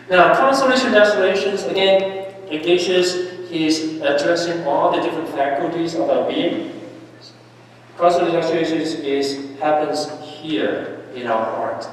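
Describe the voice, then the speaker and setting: A man's voice: on the high side, a little slow, distant mic, a little hiss or hum. Man preaching in an echoey church. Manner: animated, anecdotal, with asides and laughter. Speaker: priest leading a Lenten mission. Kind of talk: sermon. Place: large church.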